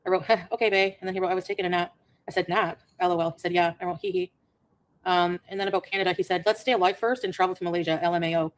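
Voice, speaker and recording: A woman vlogger telling a story in a rapid, exasperated way, reading out text messages. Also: on the low side, steady tone. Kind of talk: casual storytelling vlog.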